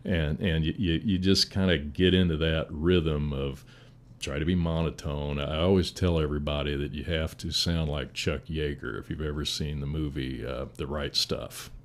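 Older fire chief, very deep, calm storyteller with restarts. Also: male voice, moderate pace, a little hiss or hum. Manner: calm, steady, rambling with restarts. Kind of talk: casual interview storytelling.

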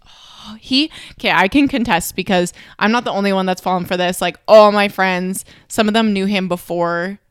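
Candid, smooth-voiced young woman storyteller. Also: mid-range voice, normal speed, hardly any pauses, no room sound, studio quality. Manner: candid storyteller who swears freely and leans heavily on "like". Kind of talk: casual chat.

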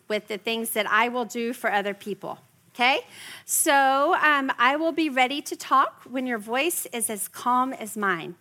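Bright-voiced, chatty woman instructor. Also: on the high side. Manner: chatty, keeps checking in with listeners. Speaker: parenting class instructor. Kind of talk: workshop teaching to a live group.

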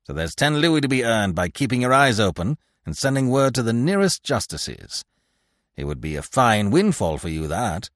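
A man voicing a gruff, brusque sergeant of the mounted police. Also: mid-range voice, sing-song, normal speed, no room sound, clean studio sound, natural voice. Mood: businesslike.

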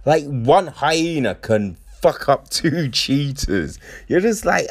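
Man, casual commentary, lively pitch swings, unhurried, profane and full of rhetorical questions. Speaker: commentator reacting to a documentary.

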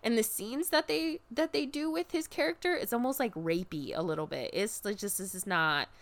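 A woman recapping a show in casual chat, animated and expressive, swearing freely and jumping up in pitch when excited. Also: normal speed. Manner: jumps high in pitch when excited, drops low for asides.

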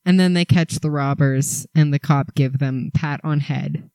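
A man's voice: fairly high pitch, fairly even intonation, unhurried, creaky, darkish tone, clean tone, dry recording. A young man from Canada co-hosting a casual podcast, sarcastic and playful, swearing for comic effect. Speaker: podcast co-host. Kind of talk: casual chat.

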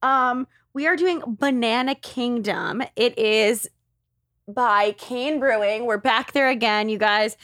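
A woman's voice: fairly high pitch, slow, fairly bright tone, no echo, clean studio sound. Giggly, rambling woman podcast co-host. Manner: giggly, rambling, restarts often. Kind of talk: casual podcast chat.

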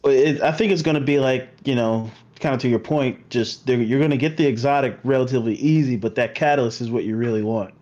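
Easygoing guest gamer on a muffled line. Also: male voice, mid-range voice, quick pace, hardly any pauses, darkish tone. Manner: easygoing, nostalgic, self-deprecating. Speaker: guest streamer. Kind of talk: casual gaming chat.

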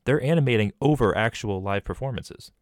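A man's voice: lowish voice, expressive, fairly quick, no echo, studio quality. A man hosting a casual film podcast, steering the talk with questions and examples. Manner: asks probing questions. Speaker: podcast host.

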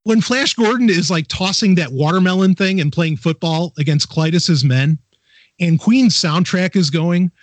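Man, podcast host, casual chat, enthusiastic, restarts a lot, higher pitch. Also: moderate pace, dry recording.

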